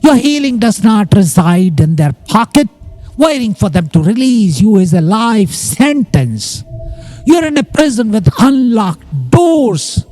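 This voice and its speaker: A man's voice: sits high, sing-song, measured pace, darkish tone, soft background music. A man giving scripted narration on psychology in emphatic, short declarative lines.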